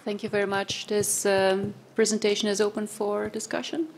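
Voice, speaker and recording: A woman chairs the session with short, level announcements. Her voice stays flat in pitch, with faint noise behind it. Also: normal speed.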